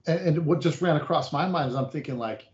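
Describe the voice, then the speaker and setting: A man's voice: fairly high pitch, fairly quick, roomy sound, dull audio. A man hosting a casual chat, reflective and rambling with restarts.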